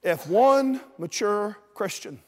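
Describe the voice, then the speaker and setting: Man, pastor mid-sermon, high-pitched, pleading and emphatic, church hall reverb. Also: expressive, takes it slowly. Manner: emphatic preaching, pleading and rising to shouts. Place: church auditorium. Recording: long reverb of a church auditorium.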